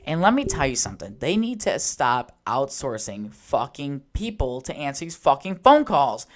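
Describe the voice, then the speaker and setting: A man's voice: on the high side, expressive, a little fast, few pauses, a bit bright. A man hosting his own podcast alone, rambling casually, swearing often, and getting worked up easily. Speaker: podcast host.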